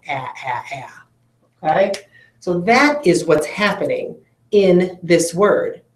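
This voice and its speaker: A woman's voice: lowish voice, darkish tone, roomy sound. A woman teacher giving a phonics lesson for children, patiently sounding out syllables and explaining spelling rules.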